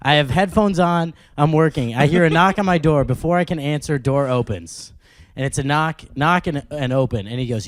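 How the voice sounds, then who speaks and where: A man's voice: on the high side, normal speed, no echo. A young man co-hosting a podcast, a chatty storyteller who laughs often in casual conversation in a studio. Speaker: podcast co-host, comedian.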